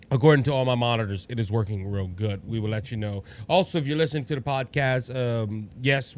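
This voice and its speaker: A man hosting a casual political talk show from Louisiana, rambling and restarting often, reading viewer comments aloud. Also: mid-range voice. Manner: rambling, repeats himself and restarts. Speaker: podcast host.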